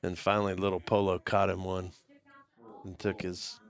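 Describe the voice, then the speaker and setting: A man's voice: low voice, completely flat delivery, moderate pace, vocal fry. A man co-commentating a live poker stream in a laid-back, chatty way, easily impressed by the stakes.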